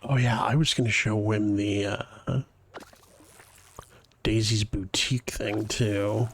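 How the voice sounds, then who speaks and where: A man's voice: on the low side, steady tone, takes it slowly. A man streaming a video game live, chatting casually and rambling to his viewers as he plays. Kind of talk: casual live-stream chat while playing.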